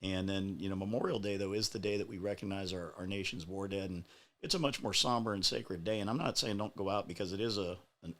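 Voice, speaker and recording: A man on a casual talk show, speaking in a measured, reflective way with many fillers. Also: low voice, fairly bright tone.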